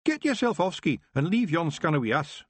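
A man voicing a small, boisterous male fairy warrior with a Scottish accent and a gruff manner. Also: fairly high pitch, big pitch swings, fairly quick, dry recording, voice pushed up.

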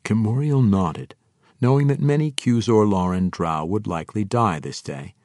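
Male audiobook narrator, very deep voice, steady fantasy read, dry close sound. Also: normal speed, dry recording.

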